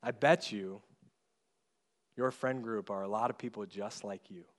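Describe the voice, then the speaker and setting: The pastor's voice is fairly low and his intonation fairly even as he preaches with sincerity, swelling in volume on important points and slowing to a soft hush on tender ones.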